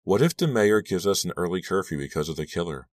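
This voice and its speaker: A man's voice: sits low, animated, quick pace, no room sound, clean studio sound. A man voicing a bitter, sarcastic teenage girl in an audiobook.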